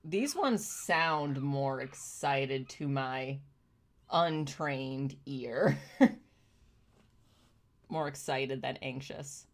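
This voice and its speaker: A woman's voice: a bass voice, very slow, long pauses. A young woman streamer giving casual, emotional commentary, thoughtful and gushing by turns. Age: young adult. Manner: emotional, gushing, often near tears; thoughtful, explaining in plain terms. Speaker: streamer reacting to chimp videos.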